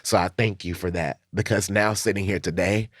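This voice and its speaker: Deep-voiced man hosting a podcast. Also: fairly even intonation, brisk, dry recording, clean studio sound. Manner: earnest and grateful, with soft agreeing replies. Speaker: podcast host. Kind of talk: casual interview chat.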